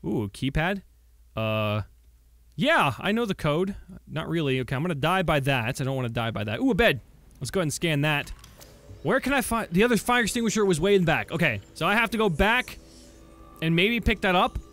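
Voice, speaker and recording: Young guy doing let's play commentary, kinda high voice, super excitable and swears a lot. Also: brisk, soft background music. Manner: excitable, bursts into shouts of surprise, swears freely. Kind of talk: gameplay commentary.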